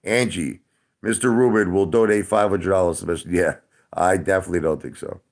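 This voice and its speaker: A man in his forties answers his chat on a casual livestream, defensive and repetitive, and keeps calling his viewers brother. His voice sits low and his delivery is brisk.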